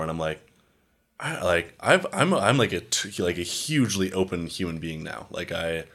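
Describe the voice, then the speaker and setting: A man's voice: deep voice, lively intonation, normal speed, fairly bright tone. A young man talking casually and at length about feelings, rambling and filling his talk with "like". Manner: rambling, heavy use of "like", acts out quoted exchanges. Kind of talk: casual chat.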